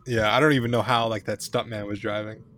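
A man's voice: fairly low pitch, flat delivery, fast talker, fairly bright tone, slight background noise. A man in a casual movie podcast who rambles with lots of filler words while recapping scenes. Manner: rambling, many fillers, acts out lines from scenes. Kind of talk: casual movie-discussion chat.

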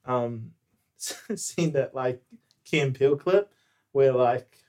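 A man's voice: medium pitch, slow. A man, chatting casually and acting out quotes as he tells stories, laughing often. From New Zealand. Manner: animated storyteller, acts out quotes, laughs often. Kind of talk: casual chat.

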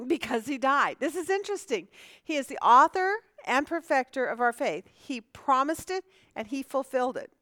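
A woman's voice: high-pitched, animated, normal speed, a bit bright, no room sound. A woman teaching a conversational Bible lesson. She asks the class questions, answers them herself and often restarts her sentences.

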